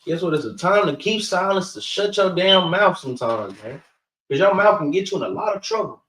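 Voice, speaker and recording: Man, high voice, street-style Bible teacher, repeats his catchphrases, recorded from a distance. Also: lively intonation, a little fast, fairly bright tone, slight background noise. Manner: preachy, repeats "guess what" and "man", swears casually. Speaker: teacher of a scripture class. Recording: echoey room from far off.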